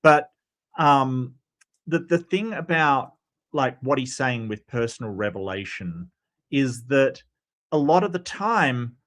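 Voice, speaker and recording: A man reviews a debate in relaxed, chatty commentary. He walks through each argument step by step and fills his talk with little connecting words. His voice sits at an ordinary middle pitch. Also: slow pace. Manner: conversational, reasons step by step with many fillers. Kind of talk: casual analytical commentary.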